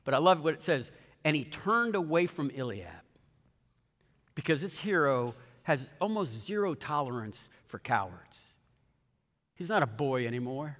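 A man preaching a sermon as a pastor, telling a story and acting out the characters' lines with sudden shifts in pitch and pace. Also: sing-song, measured pace, a bit bright. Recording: long reverb of a large hall.

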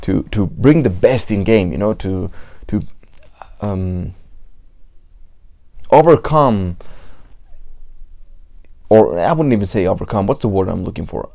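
A man's voice: fairly low pitch, animated, unhurried, gravelly, pauses often, dark tone. A man from Mexico, a native Spanish speaker, hosting a podcast in English with a Mexican Spanish accent, talking casually, swearing and stumbling over repeated words. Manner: profane, repetitive restarts, acts out quoted people. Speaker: podcast host. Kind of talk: casual monologue.

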